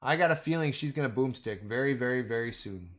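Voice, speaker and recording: A man's voice: medium pitch, expressive, fast. Rambling, joking livestream man. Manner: rambling, joking, slangy, calls viewers boys and man. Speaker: livestream host. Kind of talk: casual livestream chat.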